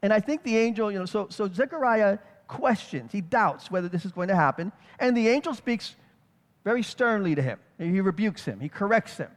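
A high-pitched male preacher giving a relaxed, conversational Bible teaching. He thinks out loud and often checks in with his listeners through rhetorical questions. His voice rings in a hall with long reverb. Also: brisk. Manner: thinks aloud, with restarts and rhetorical "right?".

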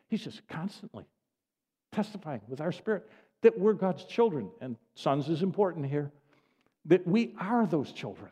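A man's voice: sits high, warm tone, husky. An older man preaching a sermon as pastor, speaking in an earnest, repetitive cadence. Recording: long reverb of a large hall.

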